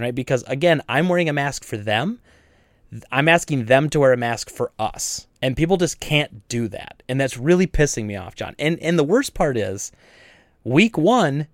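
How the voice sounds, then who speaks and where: A man co-hosting a podcast, ranting in a casual, animated and exasperated way about store customers. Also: medium pitch, dry recording, clean studio sound. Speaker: podcast co-host and store owner.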